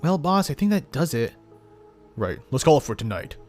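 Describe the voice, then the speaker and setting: A man's voice: sing-song, moderate pace, a little mellow, faint music behind. A man voicing an eager young detective. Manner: eager, curious, raised pitch. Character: eager young male detective, curious and teasing.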